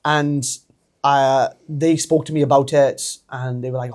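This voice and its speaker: A man in his thirties with a Welsh accent, a wrestler telling his story as a podcast guest, animated and laughing often. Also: mid-range voice, unhurried. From Wales. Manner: animated, laughs often, acts out quoted voices. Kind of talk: casual storytelling interview.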